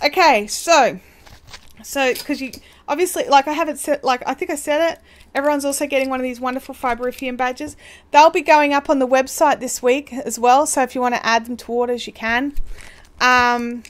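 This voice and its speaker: Hiccuping as she goes, an Australian woman keeps up bubbly, rambling chatter full of fillers on her casual craft livestream. Her voice is on the high side and a bit bright.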